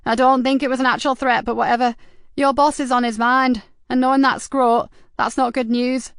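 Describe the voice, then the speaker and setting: Streetwise teenage boy voiced by a woman, higher voice, slangy, eager, dry close sound. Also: flat delivery, normal speed, clean tone, no echo. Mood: confiding.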